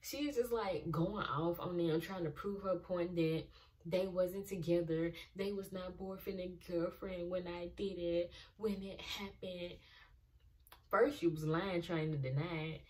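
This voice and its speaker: A distant mic picks up a young woman whose fairly low voice moves unhurriedly. Hosting a casual TV reaction video, she's exasperated and animated as she rants about the show and argues with its characters.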